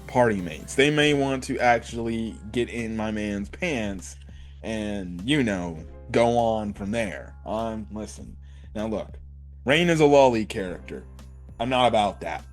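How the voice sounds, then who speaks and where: A man's voice: lowish voice, lively intonation, unhurried, soft background music. A man giving a casual, rambling anime episode review, full of fillers and slang.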